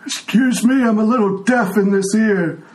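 A man's voice: high voice, normal speed, a little mellow, voice pushed up, close to an everyday voice, poor audio. A man voicing an old blind male tiefling who speaks politely in a raised, slightly quavering voice. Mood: courteous.

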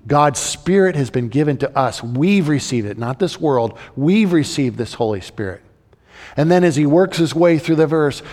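A man preaching a sermon, slowing down to read scripture aloud and lifting his voice on questions to the congregation. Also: fairly high pitch, darkish tone. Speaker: pastor. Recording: long hall reverb.

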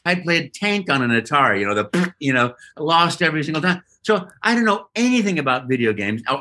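Bright-voiced man telling a lively story. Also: on the high side, fast. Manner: lively, acts out voices and sounds. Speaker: guest voice actor. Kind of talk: animated storytelling.

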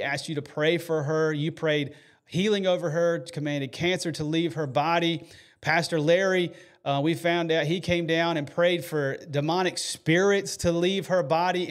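Earnest man, higher voice. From United States. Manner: earnest, emotional, many fillers and restarts. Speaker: podcast host. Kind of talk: heartfelt faith podcast storytelling.

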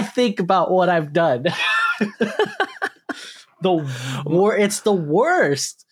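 Brief: young male podcast co-host, lively swings in pitch, swears, acts out dialogue in silly voices. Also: a little slow. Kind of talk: casual chat.

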